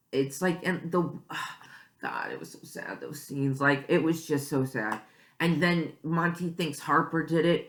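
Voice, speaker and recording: A woman's voice: deep voice, fairly bright tone, reverberant. A woman vlogger talking in a casual, emotional and rambling way, filling her sentences with "like". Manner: emotional, rambling, many "like" fillers. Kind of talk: casual reaction vlog.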